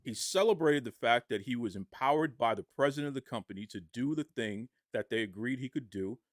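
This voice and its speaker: A man's voice: mid-range voice, animated, a little fast, no echo, clean studio sound. Fired-up man arguing his case. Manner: argumentative, rhetorical questions. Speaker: podcast commentator. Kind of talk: impassioned wrestling commentary.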